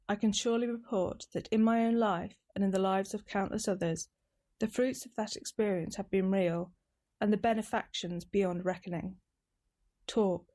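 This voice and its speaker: A woman from the of England, calmly reading passages aloud in a measured, deliberate way. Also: mid-range voice. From East Midlands, England. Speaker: reader of daily recovery readings.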